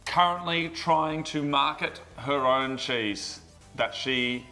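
Brief: male co-host, bright forceful voice, mid pitch, jokey rambling banter. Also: slow pace, faint music behind. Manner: animated, jokey, rambling with restarts. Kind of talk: casual banter.

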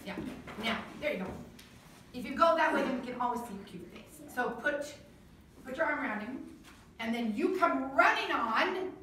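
A woman's voice: high voice, lively intonation, normal speed, sharp tone. A woman directing a stage rehearsal, giving chatty, coaxing instructions to performers. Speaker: youth theater director. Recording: very echoey, distant from mic, faint noise.

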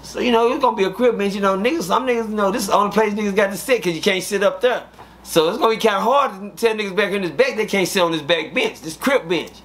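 A man from Midland, telling casual stories as an interview guest, animated and full of fillers. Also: sits high, fast talker. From Midland, Texas. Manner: animated, repetitive fillers, acts out quotes. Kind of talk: casual storytelling.

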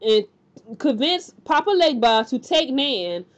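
Woman, higher voice, chatty TV recap host who acts out lines; slightly dull lo-fi sound. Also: takes it slowly. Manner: animated, chatty, lots of fillers and acted-out quotes. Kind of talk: casual spoken recap.

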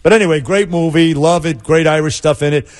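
Male radio co-host, a bit high; affable, easygoing. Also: a little fast. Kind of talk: casual radio chat.

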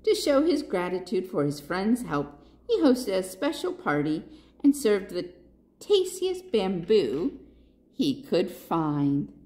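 A woman reading a picture book aloud for a library storytime, expressive and asking the listeners questions. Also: medium pitch, slow pace. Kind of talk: children's read-aloud.

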